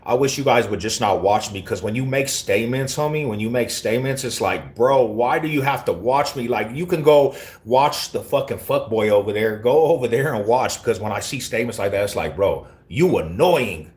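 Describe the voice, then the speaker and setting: A man's voice: mid-range voice, lively intonation, moderate pace, few pauses, a little mellow. A man from Colorado live-streaming and answering his chat in brash, confrontational street slang. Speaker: livestreamer reading chat. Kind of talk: casual live-stream talk.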